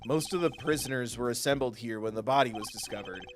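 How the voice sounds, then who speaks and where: A man voicing a composed, formal male prosecutor in a video game, measured and dry. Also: slight background noise, lightly acted. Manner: low, measured and dryly formal.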